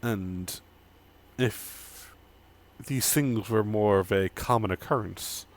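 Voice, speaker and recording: Slow, gravelly game master man. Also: lowish voice. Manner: unhurried, halting description with fillers. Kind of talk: narrating a tabletop game.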